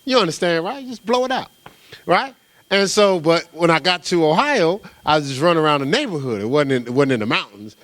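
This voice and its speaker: Animated middle-aged male pastor. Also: on the high side, a little fast, dry recording. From New Jersey. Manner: animated storytelling, casual and conversational, with repeated "right?". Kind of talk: sermon.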